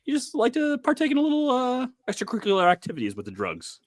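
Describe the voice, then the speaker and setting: A man's voice: extremely high pitch, huge pitch swings, fast, no room sound, studio quality. A man co-hosting a casual sports podcast with joking, irreverent banter. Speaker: podcast co-host.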